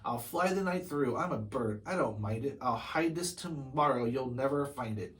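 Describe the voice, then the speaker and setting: A man's voice: mid-range voice, expressive, normal speed, a bit bright, lightly acted. A man voicing a mean, sneering male eagle while reading a storybook aloud, in a taunting way.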